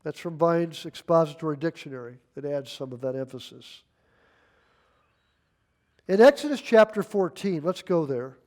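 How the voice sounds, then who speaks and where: Older man in his 60s, pastor, high-pitched voice, emphatic folksy sermon delivery. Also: lively intonation, moderate pace, pauses often, a little mellow. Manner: emphatic, folksy, reads scripture aloud.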